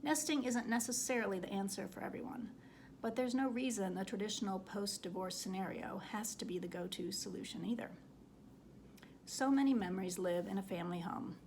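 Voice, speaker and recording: A woman reading her own personal essay aloud in a measured, earnest way. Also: mid-range voice, darkish tone, slight background noise.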